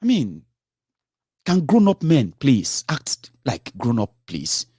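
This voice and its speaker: A man's voice: mid-range voice, wildly swooping pitch, slow pace, warm tone, slightly rough, no room sound. Exasperated man in dry sound. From Nigeria. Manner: rising to exasperated outbursts, repeats himself, restarts. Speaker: political commentator. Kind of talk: impassioned spoken commentary.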